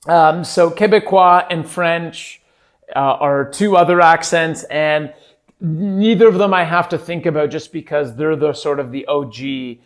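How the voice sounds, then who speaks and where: A man's voice: fairly high pitch, normal speed. A man hosting a podcast, joking his way through a comedic monologue in broken English with a put-on foreign accent and many hesitant fillers. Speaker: podcast host.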